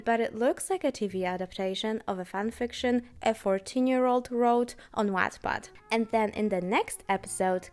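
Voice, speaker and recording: A woman's voice: medium pitch, a little mellow. A woman with the flu and a nasal voice, giving a sarcastic, chatty commentary in a reviewing video. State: has the flu. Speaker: TV series reviewer.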